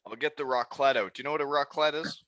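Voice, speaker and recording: A man hosting a casual podcast chat, excitable and swearing freely. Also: medium pitch, quick pace, no echo, dull audio. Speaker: podcast host.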